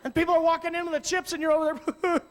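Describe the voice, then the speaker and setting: A middle-aged man giving a talk on youth ministry, swinging from hushed, slow passages to loud, animated storytelling. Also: very high-pitched, slight background noise. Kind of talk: conference talk. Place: large hall with audience. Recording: long hall reverb.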